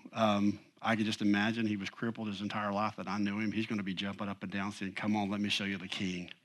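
Conversational male pastor, emphatic and chatty. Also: fairly low pitch. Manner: conversational, emphatic, frequent "you know". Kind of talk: sermon.

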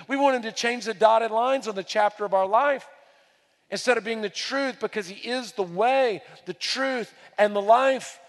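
A man preaching a sermon with emphasis, repeating key phrases and swinging between hushed and loud delivery. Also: very high-pitched, measured pace, in a large hall. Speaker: pastor.

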